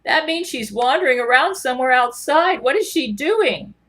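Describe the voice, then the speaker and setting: A woman voicing a gentlemanly, sensitive man who speaks slowly. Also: high-pitched, lively intonation, voice pushed up. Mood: dismayed.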